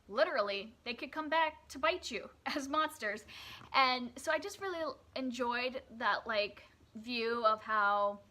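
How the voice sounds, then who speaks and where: A woman's voice: on the high side, pushed and bright. A young woman chatting casually as she reviews books she read, with lots of fillers and restarts. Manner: chatty, many fillers and self-corrections. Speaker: book reviewer. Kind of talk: casual book review vlog.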